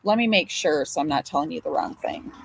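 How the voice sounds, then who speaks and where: A woman's voice: low-pitched, animated, fairly quick, gravelly, a little hiss or hum, low-quality recording. A grandmother hosting a casual livestream, talking emotionally and chattily to her viewers. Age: older. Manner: emotional, chatty, swears and apologizes. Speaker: livestream host.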